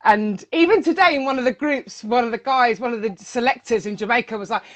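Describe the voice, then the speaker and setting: A woman DJ speaking as a guest in a casual interview, animated and emotional, often repeating her words. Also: on the high side, fairly quick.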